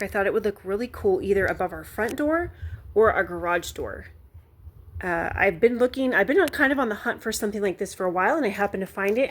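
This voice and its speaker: Earnest mom talking in a car. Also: female voice, mid-range voice, a bit bright, low-quality recording. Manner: earnest, heartfelt, encouraging. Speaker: stay-at-home mom vlogger. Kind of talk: casual faith talk to camera. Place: car while driving, then at home. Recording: road and car noise behind.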